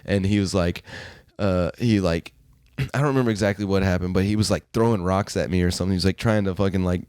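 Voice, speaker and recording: Low, dark-voiced man telling stories. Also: quick pace, smooth, no room sound. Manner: rambling, heavy swearing, many fillers. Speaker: podcast host. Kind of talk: casual storytelling.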